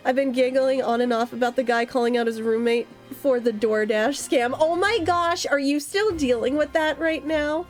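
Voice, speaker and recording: A woman's voice: high-pitched, normal speed, hardly any pauses. A young woman streaming a game, chatting casually with viewers in a giggly way. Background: faint music.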